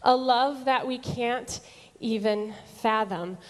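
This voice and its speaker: A woman speaks at a very unhurried pace, with long pauses, her voice a little higher than most. She sinks to a near whisper on the key words of her devotional reflection. A long echo of a large hall carries every phrase. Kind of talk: slow dramatic devotional reflection.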